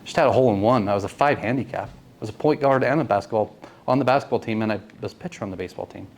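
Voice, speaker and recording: A man's voice: on the low side, very fast. A man in his late thirties telling a personal story to a networking group, earnest and often asking the audience questions. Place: meeting room.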